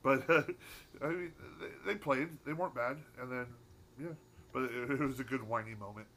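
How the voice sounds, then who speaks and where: A man co-hosting a podcast chats casually, rambling through stories with hesitation, restarts, and swearing. His voice is medium-pitched with a sharp tone and a moderate pace.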